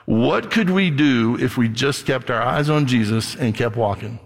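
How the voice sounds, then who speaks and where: A man's voice: medium pitch, expressive, a little slow, gravelly, hardly any pauses. A man preaching a sermon as pastor, talking conversationally, acting out voices from the story and closing in prayer. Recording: long reverb of a large hall.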